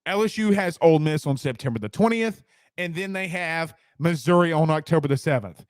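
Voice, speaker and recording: A man's voice: fairly high pitch, expressive, brisk, clean tone, no room sound, clean studio sound. A man hosting a casual sports talk show, joking and rambling through viewer comments and repeating lines for emphasis.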